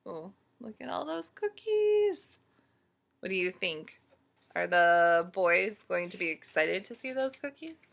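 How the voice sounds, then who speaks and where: Woman storyteller, slow, bright, lively pitch, reads picture books to children. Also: vocal fry. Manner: slow, animated, asks listeners questions. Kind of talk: reading a picture book aloud to children.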